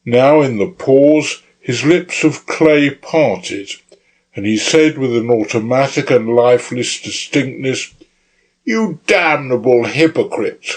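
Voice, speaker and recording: A man narrating an audiobook in a measured, deliberate manner. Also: mid-range voice, a little mellow, poor audio. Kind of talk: scripted narration.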